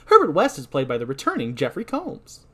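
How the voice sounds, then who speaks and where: A man's voice: a little high, huge pitch swings, fairly quick. A man hosting a podcast, recapping a horror movie in a rambling, self-deprecating way. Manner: rambling, self-deprecating, breaks into shouted line readings. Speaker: podcast host.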